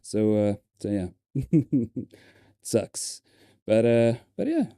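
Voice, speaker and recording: A man's voice: mid-range voice, very animated, extremely slow, mellow, clean tone, no echo, studio quality. A man with a South African accent, chatting casually on a live stream, hesitant with many ums and repeated words.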